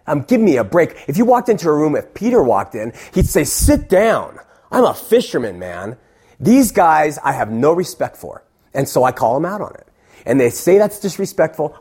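As an interview guest in a casual chat, a middle-aged call-in show host talks bluntly and with emphasis. His voice sits on the high side, darkish and slightly rough.

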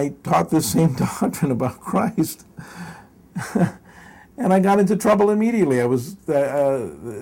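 An older man recounting memories at length, his voice husky and mellow with a soft, breathy edge. He wanders and corrects himself mid-sentence, with little chuckles woven through the telling. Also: medium pitch. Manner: rambling, self-correcting, chuckles while telling stories. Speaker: interview guest. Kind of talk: storytelling in a long interview.

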